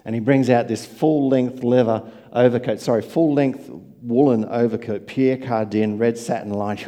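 A man preaching a sermon, telling stories and swinging from quiet asides to loud emphatic lines. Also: mid-range voice, fairly quick. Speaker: pastor.

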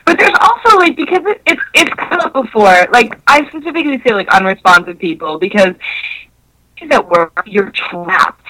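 A young woman telling a story in casual chat, animated and swearing, acting out the voices in her quotes. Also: fairly high pitch, normal speed, poor audio.

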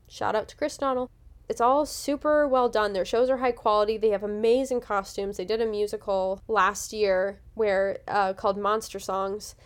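A woman co-hosting a podcast, chatting casually and enthusiastically with plenty of fillers. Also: medium pitch. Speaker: podcast co-host. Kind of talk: casual chat.

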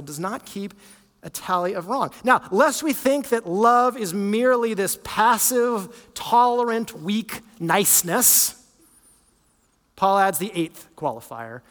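A high-pitched male pastor preaching in an earnest, conversational manner and stumbling into restarts now and then. His voice rings out with a long reverb through a church hall. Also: fairly bright tone. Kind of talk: sermon.

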